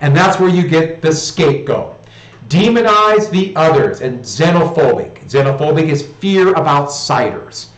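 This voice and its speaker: A history teacher with an American accent lectures his class in a loose, conversational way, wandering into joking asides. His voice sits a little high for a man. The sound is roomy, with a noticeable echo. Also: lively intonation, a little slow.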